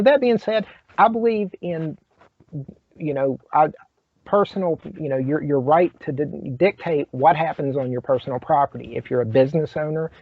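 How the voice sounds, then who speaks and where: A man hosting a casual talk show, speaking haltingly with many fillers and restarts. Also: a little high, breathy edge, dry recording. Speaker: host. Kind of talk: casual chat. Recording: dry, dull lo-fi sound.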